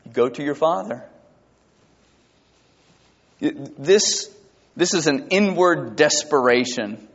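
A male pastor preaching a sermon, emphatic, asking his congregation rhetorical questions and reading scripture slowly. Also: fairly high pitch, lively intonation. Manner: reads scripture slowly and deliberately. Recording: dull lo-fi recording with long hall reverb.

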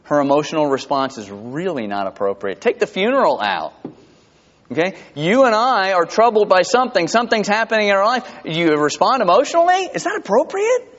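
A man preaching a sermon in a church, conversational and animated, with asides and chuckles. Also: high-pitched, fairly quick, long reverb tail, dull audio. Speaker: pastor. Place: church sanctuary.

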